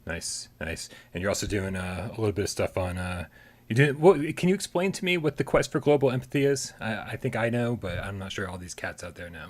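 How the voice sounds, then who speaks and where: Animated male gaming show host. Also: lowish voice, brisk. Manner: animated, playful show introductions. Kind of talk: live gaming show chat.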